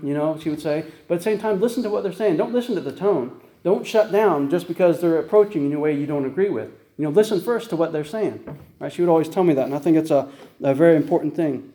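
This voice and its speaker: Male pastor, fast conversational sermon, mellow voice, echoey church room. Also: fairly high pitch. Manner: conversational, repeats "right?" and "guess what?".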